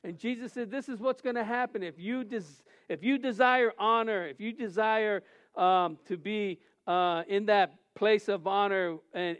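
A man's voice: sits high, clean tone. A man who is a pastor, preaching a sermon and telling a funny personal story, acting out the dialogue and laughing often.

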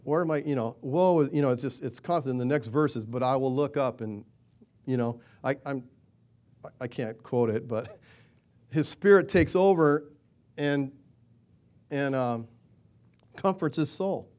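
A male pastor delivers a sermon in a conversational manner, posing rhetorical questions and performing quoted prayers in a louder, higher register. He speaks unhurriedly, leaving long pauses.

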